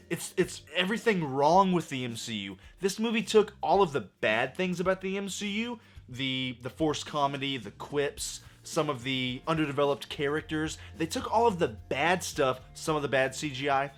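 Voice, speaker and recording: A hoarse man tears into a film with exasperated, profane emphasis. His voice sits a bit high for a man. Soft music runs behind him. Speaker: movie reviewer. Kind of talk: ranting film review.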